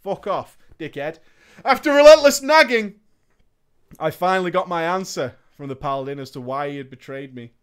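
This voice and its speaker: A man hosting a casual show, reading out viewer stories and reacting. He is animated, swears a lot and laughs often. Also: high voice, a little fast, clean tone. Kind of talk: casual storytelling chat.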